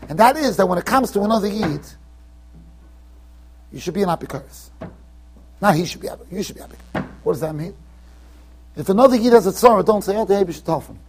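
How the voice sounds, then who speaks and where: A rabbi teaching a Torah class in a yeshiva, animated and emphatic, acting out the people he quotes with sudden loud bursts and quiet asides. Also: high voice, fast, pauses often, a little hiss or hum. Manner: swings between emphatic and quiet, trailing-off asides. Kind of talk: Torah lecture to students. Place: yeshiva study hall.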